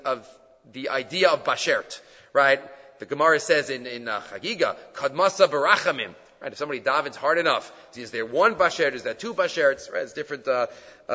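A man teaching a text study lesson in an animated way, often posing rhetorical questions. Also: fairly high pitch. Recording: dull lo-fi sound with long reverb.

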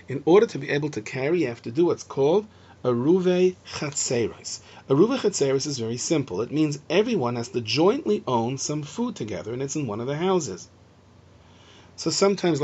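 Husky bright-voiced guy teaching mishnah, muffled lo-fi audio. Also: medium pitch. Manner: animated, acts out shouting and gentle speech. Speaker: Torah teacher. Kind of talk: explaining Mishnah to students. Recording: dull lo-fi recording.

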